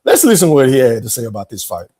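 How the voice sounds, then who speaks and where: A man's voice: medium pitch, big pitch swings, very fast, dark tone. A man hosting a podcast, giving casual, opinionated and profane commentary as he reacts to clips and talks straight to his viewers. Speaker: podcast host.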